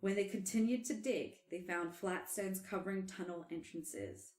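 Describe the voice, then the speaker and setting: A woman hosting a podcast, telling a story in casual chat, animated and quick to laugh. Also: mid-range voice, reverberant. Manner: animated, laughs often, trails off and restarts. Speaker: podcast host.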